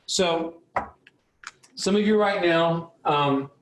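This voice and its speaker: A fired-up man gives a blunt pep talk to shop owners, swearing a little as he pushes them. His voice sits high for a man. The sound bounces around a roomy, echoey space. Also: drawn-out words, distant mic, slight background noise. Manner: fiery motivational, blunt, mild swearing. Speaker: business coach for auto repair shop owners. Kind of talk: live online coaching session.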